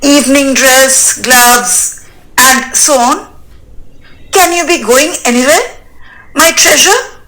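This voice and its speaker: A woman's voice: high-pitched, slow, pauses often, sharp tone, exaggerated voice, low-quality recording. A woman reading the part of a fussy older male landowner who gushes endearments and rambles on with "and so on," in a dramatic reading of a stage play. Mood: effusive.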